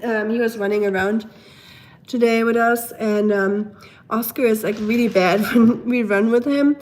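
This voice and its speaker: A young German woman with a German accent, a bit hoarse from a cold, chatting casually on a home live stream, reading viewer comments and talking to her pets. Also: fairly high pitch, steady tone, a little slow, a little mellow. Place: at home, indoors.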